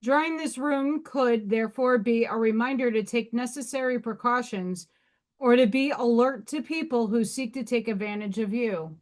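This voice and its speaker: At normal speed and in a fairly high pitch, a livestream host in her thirties reads rune meanings to her audience. Her casual chat is blunt and sprinkled with curses and laughing asides.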